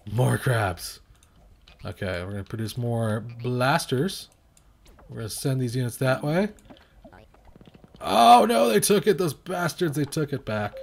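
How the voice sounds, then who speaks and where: A young man giving rambling, self-mocking commentary while playing and reviewing a strategy game, now and then shouting at his units. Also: fairly high pitch. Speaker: gaming video reviewer. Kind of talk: casual gameplay commentary.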